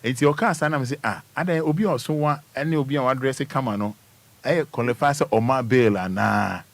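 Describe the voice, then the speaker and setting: A man's voice: mid-range voice, brisk, gravelly. A man hosting a radio talk show, bantering playfully and reading out listener messages. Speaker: radio host. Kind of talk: casual radio chat. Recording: radio broadcast.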